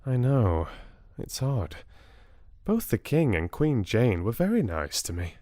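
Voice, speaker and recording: A man's voice: mid-range voice, slow pace, no room sound, studio quality. A man voicing a wry, amused young British woman in an audiobook. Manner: light, amused, lively. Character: young woman, new royal girlfriend, wry.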